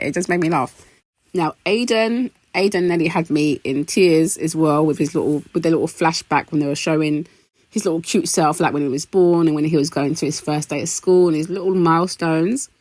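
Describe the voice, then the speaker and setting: A British woman hosting a casual, gossipy recap of a reality show, animated and quick to laugh. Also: no room sound. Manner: animated, laughing, expressive pitch jumps.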